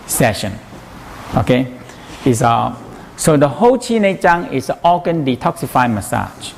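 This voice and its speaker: Brief: male instructor, broken English, mid pitch, faint noise behind. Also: a little mellow. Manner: broken English, repeats phrases, asks "you know?". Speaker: teacher. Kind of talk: teaching a massage workshop.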